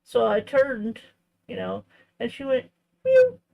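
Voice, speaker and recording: A woman hosting a crafting channel, chatting casually in a tender, reflective way, often halting and restarting her sentences. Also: a little high, huge pitch swings, gravelly, lo-fi sound. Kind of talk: casual chat while crafting.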